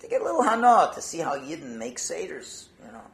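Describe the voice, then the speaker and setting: A man, a rabbi, giving a Torah talk, telling a Hasidic story and peppering it with Yiddish and Hebrew words, his volume swinging from hushed to loud. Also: on the high side, huge pitch swings, fast talker, vocal fry, slight background noise.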